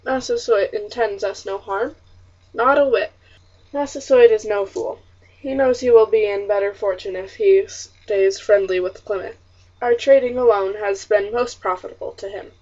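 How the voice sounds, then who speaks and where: A woman reading as a calm colonial father. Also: mid-range voice, moderate pace, natural voice. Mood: calm reassuring. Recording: distant, muffled audiobook recording.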